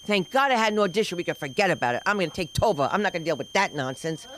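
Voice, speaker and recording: A middle-aged woman doing stand-up at an open mic, telling loud, animated stories with sudden shouts. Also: on the low side, very fast, slight background noise, rough recording. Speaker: stand-up comic. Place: comedy club stage.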